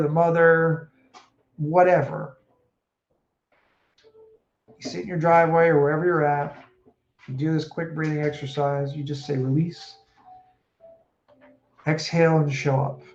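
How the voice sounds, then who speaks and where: A man coaching casually on stress and breathing, animated and acting out quoted speech. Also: a little high. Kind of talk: casual advice talk. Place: home room with a puppy. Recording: echoey room, dull sound, faint noise.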